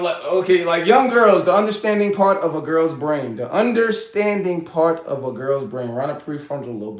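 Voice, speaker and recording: A man in his forties hosts his own show, chatting casually to the camera in a slightly high voice. He laughs often and keeps saying "you know what I'm saying," and the recording is reverberant.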